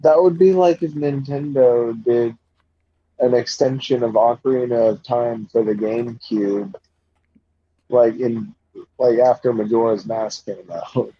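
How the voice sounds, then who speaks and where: A man's voice: medium pitch, steady tone, measured pace. A man co-hosting a casual podcast, laid-back with short replies and some stumbling. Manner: laid-back, brief replies, stumbles when making a point. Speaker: podcast co-host. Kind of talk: casual chat about video games. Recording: dull, lo-fi mic with faint background noise and keyboard typing.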